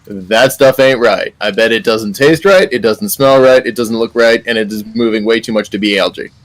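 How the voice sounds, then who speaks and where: A man playing a tabletop game, talking in character in an excitable, rambling way. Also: lowish voice, moderate pace, no echo. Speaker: player.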